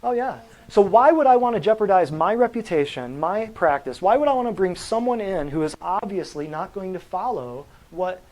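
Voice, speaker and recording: A man with a slightly higher voice lectures a live audience on natural health. He is emphatic and blunt, often firing questions at the room to drive each point home. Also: animated, normal speed, a little mellow, rough recording. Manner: blunt and combative. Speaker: natural health practitioner giving a talk.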